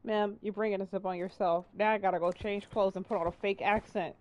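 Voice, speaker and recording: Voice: medium pitch, steady tone, fairly quick, muffled recording. Joking let's play commentator. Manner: joking, chatty. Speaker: game streamer.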